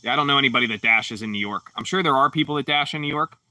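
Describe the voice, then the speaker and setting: A man's voice: mid-range voice, racing, pushed and bright, dry recording, far from the mic. A man from Pittsburgh, chatting casually on a livestream and reading out chat comments in a laid-back, rambling way with lots of fillers. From Pittsburgh, Pennsylvania. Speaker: livestream host.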